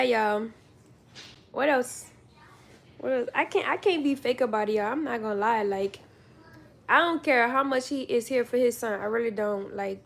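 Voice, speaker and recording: A woman's voice: on the high side, vocal fry. A young woman giving blunt, profane casual commentary, often laughing. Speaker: commentary vlogger.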